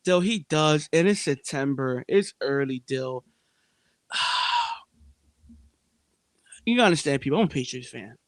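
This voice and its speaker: A man's voice: medium pitch, animated, moderate pace, dry recording, clean studio sound. A man co-hosting a sports betting podcast, talking emphatically and repeating himself as he makes his case to listeners. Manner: emphatic, repetitive, addresses listeners as "people". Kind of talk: casual sports betting chat.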